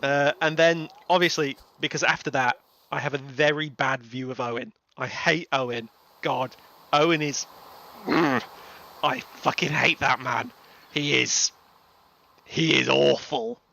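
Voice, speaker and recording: A man's voice: medium pitch, steady tone, measured pace, gravelly, sharp tone. A young man streaming a farming game, ranting animatedly and swearing in casual chat. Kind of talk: casual livestream chat while gaming.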